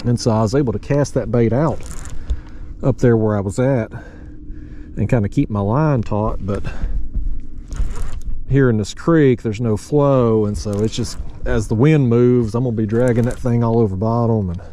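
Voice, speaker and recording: Outdoorsman vlogger, warm relaxed mellow voice, drawling folksy chatter, faint outdoor noise behind. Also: mid-range voice, normal speed. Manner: folksy, drawling, talks to viewers as "y'all" and "buddy". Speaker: fishing vlogger. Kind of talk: casual narration to camera while fishing. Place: outdoors on a kayak on a river.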